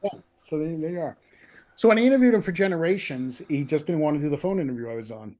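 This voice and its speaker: A man being interviewed about his book over a video call, telling lively anecdotes in a chatty, self-deprecating way. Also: on the high side, fast talker. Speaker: author, interview guest. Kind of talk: casual storytelling chat.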